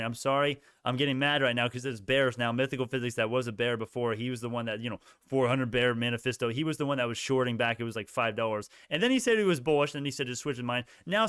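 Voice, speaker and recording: A man's voice: medium pitch, fairly bright tone, clean tone, no echo, clean studio sound. A young man hosting a casual stock livestream, ranting heatedly at his chat with many restarts.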